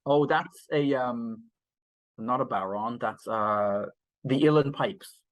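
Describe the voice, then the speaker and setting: A man's voice: medium pitch, slow. A man with a mid-range voice talks through a film on a podcast, circling his points with lots of ums and restarts. He laughs often and keeps an easy conversational tone. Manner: rambling with many fillers and restarts, laughs often. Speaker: podcast co-host. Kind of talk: casual film review chat.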